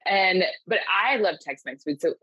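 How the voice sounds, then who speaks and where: A woman's voice: on the low side, lively intonation, normal speed, sharp tone, husky, no room sound, lo-fi sound. A woman co-hosting a podcast from a house, chatting casually with a wry humor and frequent laughter. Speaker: podcast co-host. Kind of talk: casual comedic chat. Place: house in New Orleans.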